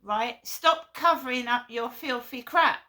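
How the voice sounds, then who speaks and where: Woman vlogger, fairly high and bright, earnest and insistent. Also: measured pace. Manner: blunt, earnest, repeats herself. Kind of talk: impassioned monologue.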